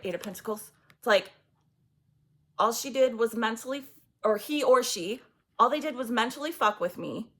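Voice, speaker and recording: Female tarot reader, casual and blunt, slightly high voice with vocal fry. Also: a bit bright. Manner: chatty, giggly, blunt.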